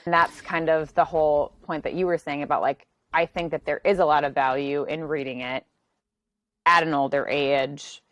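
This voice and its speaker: Woman, low pitch, casual conversation, thinks aloud, swears now and then, dry sound. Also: fairly even intonation, moderate pace, no echo. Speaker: podcast host. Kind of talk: casual chat.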